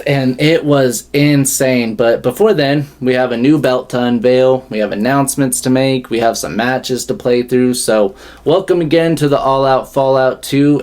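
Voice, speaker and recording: A man's voice: medium pitch, a little mellow. A man hosting a casual wrestling podcast. He is upbeat, laughs often, and sounds tired from a late night. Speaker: podcast host. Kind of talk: casual chat.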